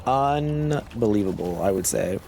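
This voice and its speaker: Gravelly-voiced man with a sore throat. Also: animated, a little slow, dark tone, slight background noise. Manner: low-key, musing aloud while playing. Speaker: gaming channel host. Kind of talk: casual gameplay commentary. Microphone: cough drop in mouth.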